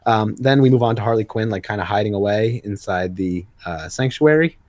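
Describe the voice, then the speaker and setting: A man's voice: lowish voice, brisk. A man co-hosting a podcast, recapping comic books in casual chat, with many fillers and restarts. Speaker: podcast co-host.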